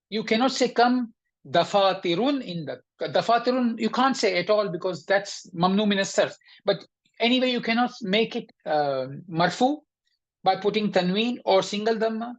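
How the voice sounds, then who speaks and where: A woman teaching an online Arabic grammar lesson, explaining patiently, checking in with her students and pausing often with fillers. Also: mid-range voice. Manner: hesitant, with frequent fillers and restarts.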